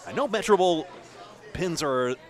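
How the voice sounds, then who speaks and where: A man with a New England accent giving chatty, animated live play-by-play of a bowling match in a bowling alley. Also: a little high, measured pace. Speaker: bowling commentator. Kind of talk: live sports commentary. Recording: crowd noise behind.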